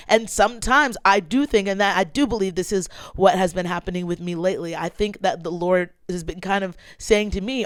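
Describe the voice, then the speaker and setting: Tearful woman sharing a personal story, crisp voice. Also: medium pitch, moderate pace, few pauses, no room sound, studio quality. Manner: emotional, expressive storytelling, addresses listeners as y'all. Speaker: podcast host. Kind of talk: casual personal vlog talk.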